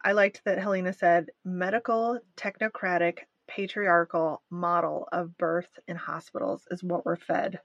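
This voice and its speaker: A candid woman co-hosts a casual podcast chat, speaking with emphasis. Her voice is low, and the recording is dull and muffled. It sounds dry and close. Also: fairly even intonation, unhurried, few pauses, no room sound. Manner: candid and emphatic, with nervous laughs. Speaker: podcast co-host.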